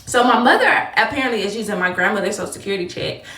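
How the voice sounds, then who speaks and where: A woman telling a personal story in a casual storytime monologue, animated and talking straight to her viewers. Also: medium pitch, very fast. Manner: animated, addresses viewers as y'all. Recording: echoey room, voice a bit far from mic.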